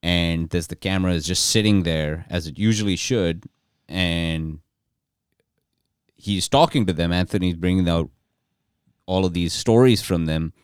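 A man's voice: deep voice, a little slow, pauses often, clear, resonant tone, dry recording, clean studio sound. A man in casual podcast chat, telling a long rambling story with restarts and crude jokes.

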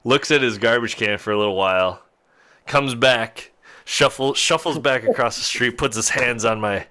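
Bright-voiced man telling a lively story. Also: medium pitch, normal speed. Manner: animated, laughs often while telling a story. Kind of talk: casual storytelling chat.

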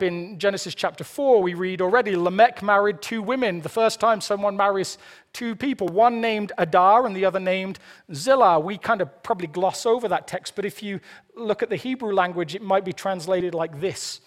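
A man preaching a sermon, earnest with playful asides, often repeating the first word of a phrase. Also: high voice. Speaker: pastor.

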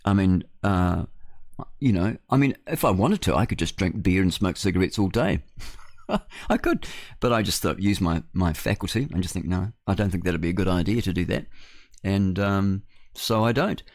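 A man's voice: deep voice, expressive, normal speed, no room sound, studio quality. A man hosting a talk radio show, blunt and scoffing, rambling through fillers. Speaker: radio host. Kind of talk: opinionated talk radio monologue.

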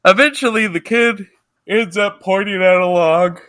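A man co-hosting a podcast, recapping a TV episode in casual, profane chat and mimicking characters in squeaky voices. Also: normal speed, bright, forceful tone, no echo. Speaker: podcast co-host.

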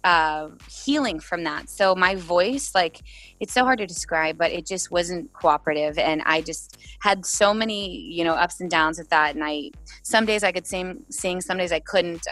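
A woman's voice: on the low side, moderate pace, a bit bright, dry recording, faint music behind. A young woman, a singer-songwriter, talks casually over a video call and tells stories with laughs and quoted voices.

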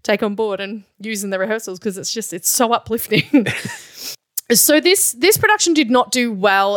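A woman's voice: medium pitch, a bit bright, no room sound. A woman co-hosting a podcast, chatting enthusiastically and laughing often. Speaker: podcast co-host. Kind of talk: casual chat about musical theatre.

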